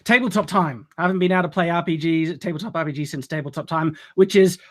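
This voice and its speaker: A man's voice: on the high side, fast. A man hosting a casual live stream, upbeat and laughing often as he reads out donations.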